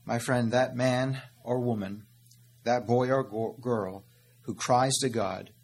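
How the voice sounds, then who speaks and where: A man's voice: on the low side, steady tone, slow pace, creaky, breathy edge. A man preaching a sermon as pastor, earnest and direct, calling his listeners "beloved" and "my friend" and asking questions he answers himself.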